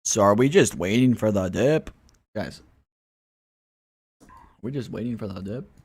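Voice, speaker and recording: A man's voice: fairly low pitch, lively intonation, a little slow, darkish tone. A man running a casual livestream, answering viewers' questions and talking straight to them. He often calls them guys, and at times he slips into a mocking rant with scoffing laughs. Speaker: crypto livestreamer.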